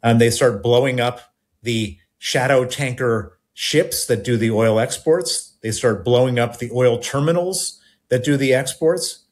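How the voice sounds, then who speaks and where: A man giving a radio interview as a guest who talks in halting bursts with many restarts and repeated words. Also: medium pitch.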